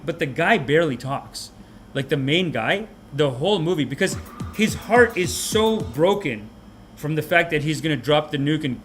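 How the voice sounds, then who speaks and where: A man hosting a podcast, delivering a comic rant of a movie review in an animated, mocking way. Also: fairly high pitch. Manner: animated, mocking, puts on quick character voices. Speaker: podcast host.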